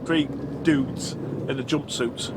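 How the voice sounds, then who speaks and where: A middle-aged trucker talks to camera from his cab, chatty and laughing at himself. His voice sits at an ordinary middle pitch. The engine and road roar clearly behind him. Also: fairly even intonation, slow, noisy background. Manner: chatty, self-mocking, laughs often. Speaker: trucker vlogger. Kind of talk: casual chat while driving.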